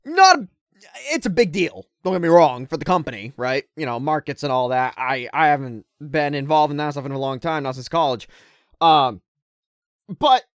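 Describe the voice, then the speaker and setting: A woman's voice: sits low, dry recording, studio quality. A woman gaming creator giving casual commentary to her viewers, irritated and ranting with lots of rhetorical questions.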